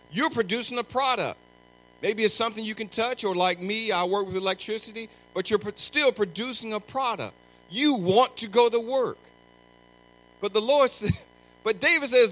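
A middle-aged man preaching a sermon, emphatic and often shouting, repeating lines for stress. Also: high-pitched, moderate pace, soft background music, rough recording.

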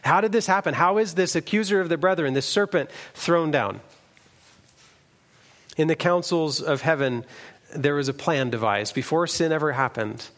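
Male preacher, earnest sermon delivery, voice a bit high. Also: normal speed, fairly bright tone. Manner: earnest, reads scripture aloud, some restarts.

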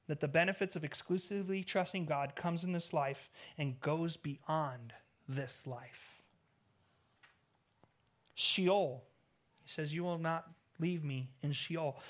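A man preaching a sermon in an earnest tone, swelling louder on key points and dropping low at the ends of phrases. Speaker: pastor.

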